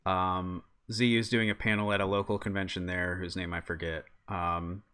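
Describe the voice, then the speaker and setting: Aussie dude cracking deadpan jokes, lowish voice but bright. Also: male voice, moderate pace, clear, resonant tone. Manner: dry, deadpan joking. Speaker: player. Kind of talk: casual chat.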